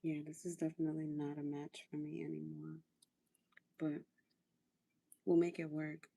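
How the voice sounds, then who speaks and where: A woman hosting a relaxed livestream, talking while she does her skincare. Her voice sits a little low, with lots of gravelly vocal fry. She coaches her viewers and repeats her phrases for emphasis. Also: moderate pace. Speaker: livestream host. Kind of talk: casual livestream chat during a skincare routine.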